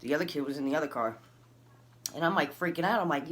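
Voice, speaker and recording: Animated woman telling a story. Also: quick pace. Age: adult, recalls early twenties and has a son. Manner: animated, acts out dialogue with big pitch jumps. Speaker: vlogger telling a personal story. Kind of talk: casual storytelling.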